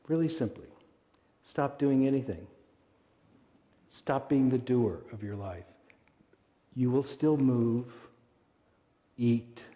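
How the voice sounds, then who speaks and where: A man preaching a sermon and leading a meditation in a church, gentle and unhurried, with soft pauses. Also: mid-range voice. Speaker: minister. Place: church sanctuary. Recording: long reverberant hall sound.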